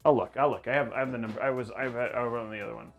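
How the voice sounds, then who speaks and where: With the highs cut off and soft music playing, this man races through his livestream chatter in a medium-pitched, fairly even voice. He rambles playfully, often joking at his own expense.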